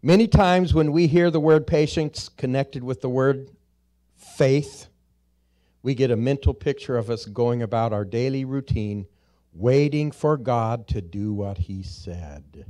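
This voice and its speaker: Slow, emphatic male preacher. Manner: swings from loud emphatic peaks to quiet low stresses; drawls key words slowly with pauses. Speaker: pastor. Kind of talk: sermon. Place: church sanctuary.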